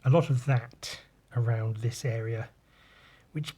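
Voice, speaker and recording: A man's voice: mid-range voice, takes it slowly, pauses often, dark tone, slightly rough. A man talks casually on his own podcast. He rambles from thought to thought and swears freely. He often trips over his words and starts his sentences again. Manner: rambling, sweary, restarts a lot. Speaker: podcast host. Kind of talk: casual solo podcast chat.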